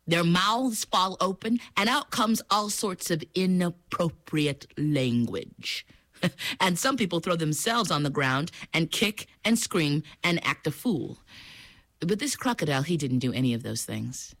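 Animated, playful woman storyteller. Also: low voice, unhurried. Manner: animated and playful, with sound effects. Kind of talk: oral storytelling performance.

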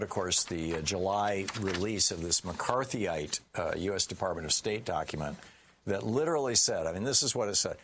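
A man's voice: lowish voice, fairly bright tone. A man doing solo political commentary, reading news quotes aloud with indignant, sarcastic asides and many fillers.

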